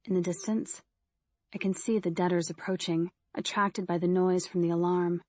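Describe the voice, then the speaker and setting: Low-voiced woman narrating horror. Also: no echo. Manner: steady, measured storytelling. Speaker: audiobook narrator. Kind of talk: scripted first-person horror narration.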